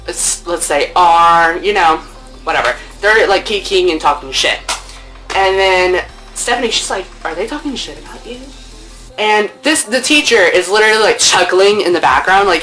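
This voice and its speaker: A young woman telling a casual story to camera at home, chatty and playful, acting out what people said with big jumps in her voice. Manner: animated, playful, acts out quotes with big pitch jumps; chatty with lots of fillers and swearing. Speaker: storytime vlogger. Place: at home, indoors.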